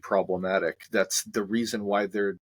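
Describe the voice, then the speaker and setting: A male clinician in a discussion, speaking thoughtfully and hesitantly, with many pauses and restarts. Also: on the low side, flat delivery, dry recording. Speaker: clinician and co-host. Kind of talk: conversational discussion.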